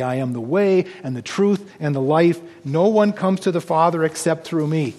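A man with a notably high voice preaches a sermon. He reads scripture aloud and explains it with earnest conviction. His voice rings out with a long reverb, as if in a large hall. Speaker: pastor.

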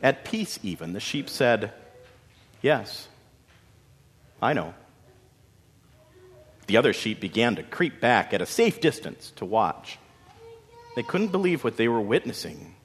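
A man narrating a story in a dramatic, expressive way with folksy asides. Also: medium pitch, normal speed, husky. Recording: long hall reverb.

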